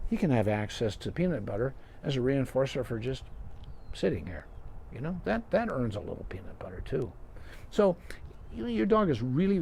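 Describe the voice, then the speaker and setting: A man's voice: medium pitch, darkish tone, slight background noise. A middle-aged man, a veterinarian, patiently explaining dog care step by step in a live question-and-answer session, with folksy sayings.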